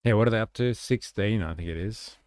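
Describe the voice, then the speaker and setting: An Australian man hosts a livestream of casual commentary, rambling and swearing as he reacts to news. His voice is lowish, clear and resonant with a darkish tone, and he talks a little fast. The recording is dry and studio quality.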